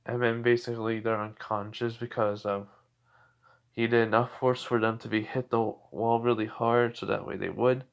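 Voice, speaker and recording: A man's voice: mid-range voice, little pitch movement, normal speed, gravelly, dull audio. A man casually narrating a fan story, rambling with many fillers and restarts.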